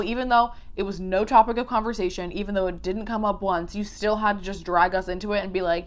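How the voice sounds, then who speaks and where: A woman's voice: mid-range voice, steady tone, quick pace, few pauses, slight background noise. A woman giving casual, profane reaction commentary on a documentary, blunt and exasperated. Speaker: YouTube commentator.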